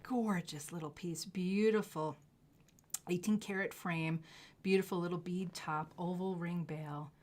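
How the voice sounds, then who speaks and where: A woman's voice: lowish voice, fairly even intonation, a little slow. Gushing woman presenting jewelry live. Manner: gushing, effusive, drops into soft asides. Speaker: jewelry seller hosting a live sales stream. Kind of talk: live shopping stream presentation.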